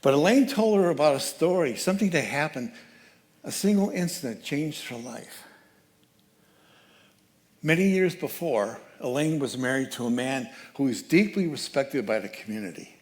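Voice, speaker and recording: A man giving a sermon as guest speaker at a church, telling a story with lively changes of voice. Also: a little high, normal speed. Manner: animated storyteller, acts out quoted voices. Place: church sanctuary.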